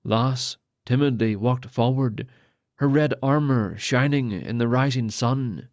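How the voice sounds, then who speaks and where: A man narrating a fantasy audiobook in a steady, even reading voice. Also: medium pitch, slow, no room sound, studio quality.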